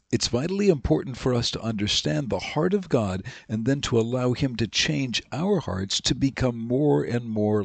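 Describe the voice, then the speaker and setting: Male Bible teacher, mid-pitched, reads scripture slow and emphatic; dry, close sound. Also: gravelly, slightly rough, no echo. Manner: slows down and lifts his voice reading scripture.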